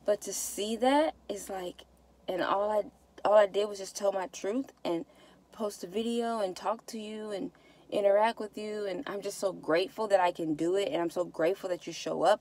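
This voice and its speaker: A woman's voice: medium pitch, steady tone, moderate pace, a little mellow. A woman talking to her viewers in a casual vlog, heartfelt and repetitive, close to tears. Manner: heartfelt, repeats herself, says y'all. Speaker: vlogger.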